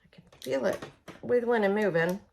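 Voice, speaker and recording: This product demonstrator, a woman from Oklahoma, has a gravelly mid-range voice and speaks at a normal speed with background noise behind her. She keeps her how-to relaxed and chatty, treating viewers like friends in a folksy way.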